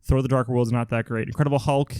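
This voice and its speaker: A man co-hosting a podcast, chatting casually and telling joking stories in an animated way. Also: mid-range voice, clear, resonant tone, no room sound, clean studio sound. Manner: fast, joking, animated storytelling. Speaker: podcast co-host. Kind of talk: casual chat.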